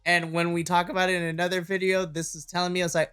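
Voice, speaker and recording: A man in his thirties co-hosting a wrestling podcast, recapping matches in an animated way and laughing often. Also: sits high, quick pace, clear, resonant tone, soft background music. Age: 30s. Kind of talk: casual chat.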